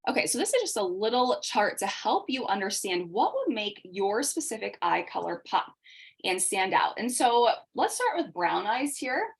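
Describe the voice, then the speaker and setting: A woman teaching an online makeup class over a video call, talking fast in a chatty way. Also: medium pitch, sing-song, creaky. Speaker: makeup instructor.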